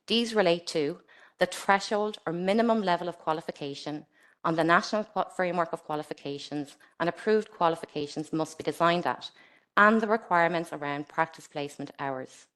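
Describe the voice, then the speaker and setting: A woman presenting a scripted webinar for a regulator, in a measured, formal manner as she reads from a script. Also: fairly low pitch.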